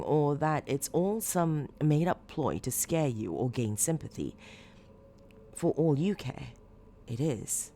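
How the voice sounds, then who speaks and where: A woman reading a horror story as scripted narration, measured and low-key with dramatic emphasis. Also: expressive, dark tone, slight background noise.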